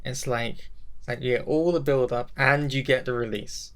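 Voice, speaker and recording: A young man with a gravelly edge to his voice and a middle pitch chats casually on a podcast. He rambles enthusiastically and pokes fun at himself as he goes. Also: normal speed. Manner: rambling, enthusiastic, self-mocking. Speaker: podcast co-host.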